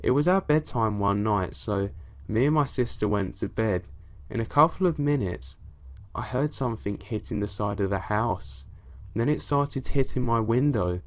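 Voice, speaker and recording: A man's voice: medium pitch, animated, moderate pace. A man reading true scary stories aloud as a narrator, with dramatic delivery that rises in tense moments.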